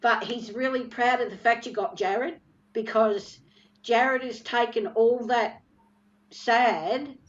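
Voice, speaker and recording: Woman, psychic reader on a live stream, higher voice, halting emotional delivery, muffled lo-fi call audio. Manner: halting, emotional, many fillers.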